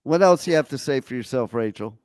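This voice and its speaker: A man's voice: mid-range voice, lively intonation, noisy background. A man co-hosting a casual comedic chat, cutting in with teasing questions. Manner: teasing, quick interjections. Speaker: co-host.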